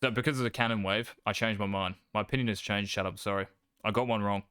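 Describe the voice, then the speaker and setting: A man's voice: lowish voice, steady tone, quick pace, pushed and bright, clean tone, no echo, clean studio sound. A young adult man, casually coaching gameplay, brash and cocky, swearing freely.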